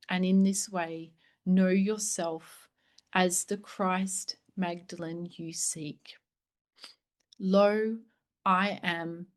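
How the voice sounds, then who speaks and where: Woman doing a slow meditative book reading, soft and hushed, kinda breathy at times, takes her time. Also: lowish voice. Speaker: host reading a spiritual book aloud.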